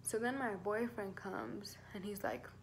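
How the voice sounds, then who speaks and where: With a mid-range voice, vocal fry, and a measured pace, a pregnant teen girl tells her story on camera in a laid-back vlog, a slight hiss or hum behind her. She's talkative, leans on fillers, and swears freely.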